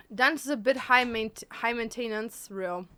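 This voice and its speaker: A woman chats on a livestream. Her voice sits a little high and sounds bright. She talks bluntly and teases freely. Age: 20s. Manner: blunt, teasing, switches between English and German. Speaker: streamer. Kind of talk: casual livestream chat.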